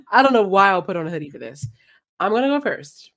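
A young adult woman co-hosting a casual podcast, telling a work story in an animated way and acting out what people said. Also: mid-range voice, creaky. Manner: animated storytelling with voiced-out quotes. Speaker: podcast co-host. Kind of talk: casual chat.

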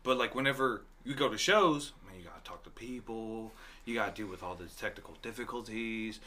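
A man chatting casually on a podcast, telling a story with lively acted-out dialogue and frequent laughs. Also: on the low side, fairly quick. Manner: animated storyteller, acts out dialogue, laughs often. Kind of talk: casual chat.

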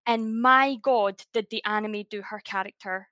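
A woman's voice: medium pitch, steady tone, moderate pace, pushed and bright, no room sound. A woman co-hosting a podcast, ranting animatedly and swearing freely in casual chat. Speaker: podcast co-host.

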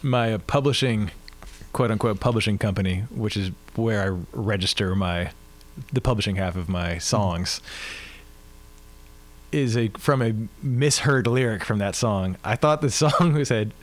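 A man's voice: fairly low pitch, unhurried. A man who is a musician, guest on a podcast, talking in an easygoing, friendly way and laughing readily. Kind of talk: casual interview chat.

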